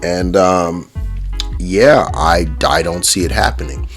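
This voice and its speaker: A man's voice: sits low, steady tone, slow, faint music behind. A man talking casually to camera in a profane, mocking rant about toy collecting. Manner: profane, mocking, with lots of fillers and restarts.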